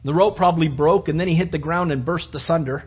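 A man preaching a sermon, telling the story with animated storytelling and acting out the disciples' voices. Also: a little high, quick pace, slightly rough, muffled recording. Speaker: pastor.

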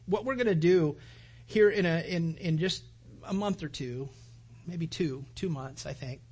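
A middle-aged man preaching a sermon as pastor, telling a personal story in a conversational, animated way. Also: on the high side, unhurried, slightly rough.

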